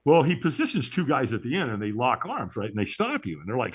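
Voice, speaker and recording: A man being interviewed on a podcast tells a story with great animation. His pitch swings widely as he acts out each moment, and he keeps checking in with his listener. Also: sing-song, quick pace, fairly bright tone, slightly rough. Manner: checks in with tag questions like "right?". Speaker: interview guest.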